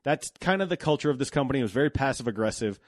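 A man's voice: medium pitch, rapid-fire, no room sound, studio quality. Blunt, profane man telling his story. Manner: blunt and profane, animated when indignant. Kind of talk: candid personal storytelling.

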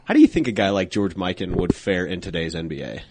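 Deep-voiced male podcast host. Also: very animated, quick pace, darkish tone, a little hiss or hum. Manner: encouraging, short affirmations. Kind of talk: casual interview.

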